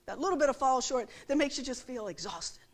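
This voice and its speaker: A woman's voice: high-pitched, lively intonation, a little fast. A middle-aged woman giving a conversational sermon, often checking that listeners follow her with rhetorical questions. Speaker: preacher.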